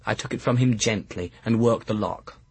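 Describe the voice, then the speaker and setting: A man narrating an audiobook in a wry, lively storytelling manner. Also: fairly low pitch, moderate pace, gravelly, breathy edge, dry recording.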